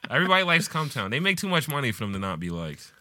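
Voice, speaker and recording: Male podcast host, mid pitch, animated jokey banter. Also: quick pace, no room sound. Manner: joking, profane banter. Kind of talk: casual chat.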